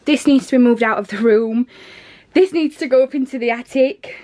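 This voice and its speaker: A woman's voice: on the high side, normal speed, warm tone. Breathless pregnant woman vlogging. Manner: chatty, rambling, breathless. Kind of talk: casual vlog chat. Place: home living room and nursery, indoors.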